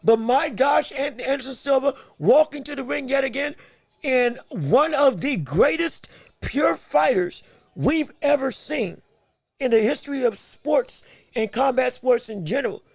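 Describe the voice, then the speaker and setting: A man's voice: extremely high pitch, lively intonation, measured pace, creaky, dry recording. A man hosting a podcast, giving emphatic live fight commentary with repeated phrases and joking banter with the chat. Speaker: podcast host.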